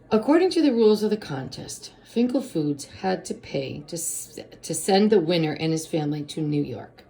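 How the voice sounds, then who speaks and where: A woman reading a children's storybook aloud in a steady first-person narration. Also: low-pitched, normal speed, vocal fry, hardly any pauses.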